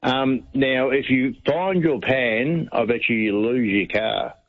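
A man's voice: medium pitch, takes it slowly. A man calling a radio show, amused and laughing. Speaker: caller. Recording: dull phone line.

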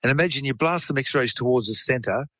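A man's voice: mid-range voice, fairly quick, a bit bright, no room sound, low-quality recording. Aussie guy explaining medical stuff, chatty storyteller, dry close sound. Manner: explanatory, chatty, acts out quoted speech. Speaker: science explainer. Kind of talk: conversational storytelling.

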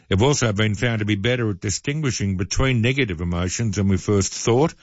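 A man's voice: fairly low pitch, dry recording. Aussie radio guy chatting away, kinda dull dry studio sound. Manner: chatty, jokey asides. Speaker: radio host. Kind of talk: casual radio chat.

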